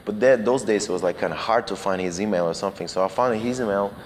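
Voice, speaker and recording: A man's voice: lowish voice, fast, long reverb tail, a little hiss or hum. A Russian man with a Russian accent, a guest cinematographer telling anecdotes casually, with loose non-native grammar, restarts and chuckles.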